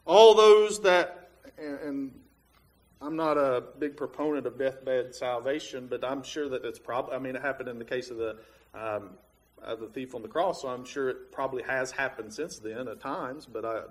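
A man preaching a Bible lesson, reasoning through a verse step by step with frequent "uh"s and restarts. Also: medium pitch. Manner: plain, reasoning step by step with many fillers. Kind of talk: Bible teaching sermon.

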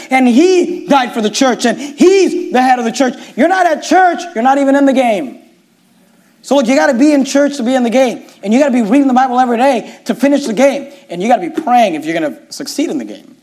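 A man's voice: extremely high pitch, expressive, brisk, darkish tone. A middle-aged man, a pastor, preaching a sermon with emphatic, repetitive phrasing.

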